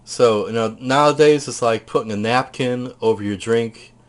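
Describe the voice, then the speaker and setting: A man's voice: medium pitch, normal speed. A man casually showing off his purchases, talking in a chatty, rambling way. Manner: chatty, rambling, tells stories; eats while talking.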